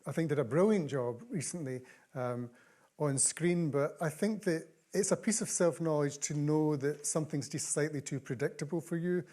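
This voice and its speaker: A woman interviewing on stage, offering measured, thoughtful remarks. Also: deep voice, warm tone. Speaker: interviewer and event chair. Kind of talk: onstage interview.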